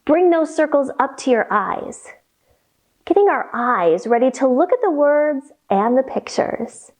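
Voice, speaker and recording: Woman, kids' yoga teacher, very lively high voice, slow sing-song guidance. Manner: slow, playful sing-song instructions to children. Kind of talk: guiding a kids' yoga storytime.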